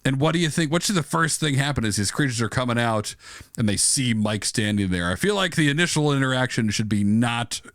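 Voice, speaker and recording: Male podcast co-host, enthusiastic, laughs a lot, pitch all over the place, dry close sound. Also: expressive, brisk, fairly bright tone, dry recording. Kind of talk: casual brainstorming chat.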